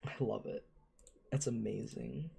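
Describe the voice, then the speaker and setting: An anime reaction host talking in casual commentary at a mid pitch. The voice gushes with emotion and swears freely. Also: measured pace, vocal fry, dark tone, slightly rough.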